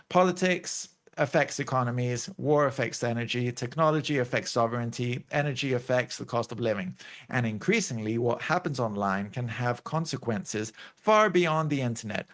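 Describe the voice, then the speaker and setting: A man hosting a show, talking in casual commentary and reaction, rambling with lots of likes and restarts. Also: medium pitch. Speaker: host.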